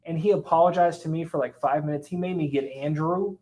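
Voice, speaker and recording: An animated man with a slightly higher voice hosts a casual sales training chat. He tells stories with plenty of energy and acts out both sides of each exchange. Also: brisk. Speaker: host of a sales training show.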